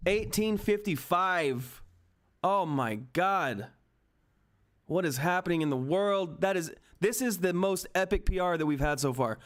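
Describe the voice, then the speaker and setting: A young man commentating live on a stock chart, excited and frantic, often repeating himself. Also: high-pitched, a little slow. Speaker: stock market streamer.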